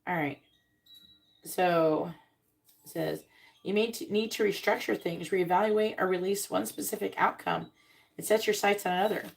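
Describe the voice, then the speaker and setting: Gravelly-voiced woman reading tarot cards. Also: medium pitch. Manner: blunt and swearing, acts out quick comic voices. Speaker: tarot reader on a live stream. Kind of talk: casual tarot reading, reading card meanings aloud.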